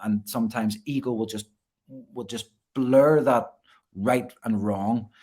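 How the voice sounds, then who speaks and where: A man's voice: mid-range voice, steady tone, takes it slowly, a little mellow, slightly rough. A man, a gymnastics coach, talking earnestly as a guest in a casual interview, often repeating words as he restarts.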